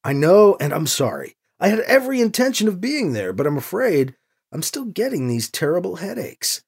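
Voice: mid-range voice, big pitch swings, moderate pace, vocal fry, a little mellow, husky, full character voice. Narrator as a weary, wry young priest. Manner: wry, muttering, self-deprecating. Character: weary, self-reproaching male priest.

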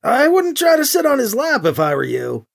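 A narrator lending a voice to a male security chief with a dry wit, reporting facts in a lifted, lively tone. He sounds rough around the edges, slightly gravelly and husky, in an audiobook. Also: very high-pitched, normal speed, voice pushed up, full character voice. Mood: wry. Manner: wry, matter-of-fact.

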